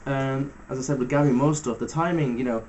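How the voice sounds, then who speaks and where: A man giving a casual step-by-step guitar lesson, talking through fret numbers in a relaxed way with fillers. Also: medium pitch, a little fast, dull audio, slight background noise. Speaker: guitar teacher. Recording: loud guitar music under the voice. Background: electric guitar playing between phrases.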